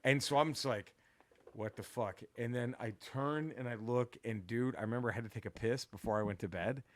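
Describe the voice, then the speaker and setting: A man's voice: medium pitch, fairly quick, no room sound. Man telling a story, cursing freely, dry sound. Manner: profane, rambling, animated retelling with restarts. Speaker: podcast co-host. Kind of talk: casual storytelling.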